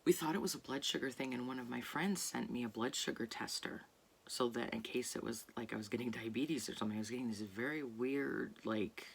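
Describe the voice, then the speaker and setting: Soft-spoken woman musing late at night. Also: rumbling low, a little fast, gravelly, breathy edge. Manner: soft, often drops to a near whisper; rambling, searching for words. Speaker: artist vlogger. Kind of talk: late-night casual monologue. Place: home at night.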